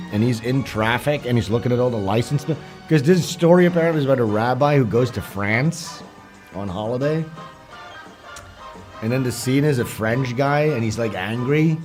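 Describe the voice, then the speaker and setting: A man's voice: medium pitch, normal speed, a little mellow. A man hosting a livestream, chatting casually and joking as he watches a film, with music playing behind him. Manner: joking, irreverent, swears freely, laughs at what he watches. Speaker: livestream host.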